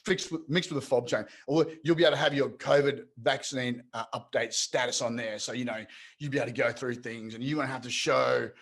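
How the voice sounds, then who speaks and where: Animated man, stumbling repeats. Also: mid-range voice. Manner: animated, repeats words, mocks others in put-on voices. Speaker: podcast co-host. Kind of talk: casual chat.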